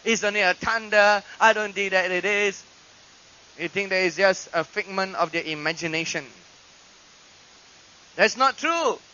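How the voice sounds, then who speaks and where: A male pastor preaching a sermon in a church, swinging dramatically between loud proclamations and hushed asides. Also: high voice. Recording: dull lo-fi archive recording with hiss.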